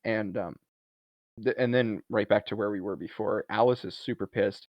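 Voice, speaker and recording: Speaking at a normal speed in a lowish voice, this male podcast co-host gives a casual movie recap with animated storytelling, acting out what the characters say. The audio is dull, lo-fi and dry, with no echo.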